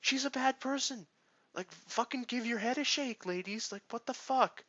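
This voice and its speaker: A man mimicking whiny teenage heroines in a high, exaggerated falsetto, mocking them with a whiny squeal. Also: moderate pace, bright, forceful tone, dry recording, heavily acted. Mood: scornful. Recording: dull lo-fi VHS-era sound.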